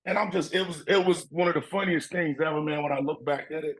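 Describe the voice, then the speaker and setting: A middle-aged man with a husky, slightly breathy voice that sits a little high for a man. He tells his stories in a casual, animated way, jumping into his old coaches' voices as he goes. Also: fast talker, rough recording. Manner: animated storyteller, acts out coaches' voices, laughs often. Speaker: former football player, guest. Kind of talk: casual storytelling interview.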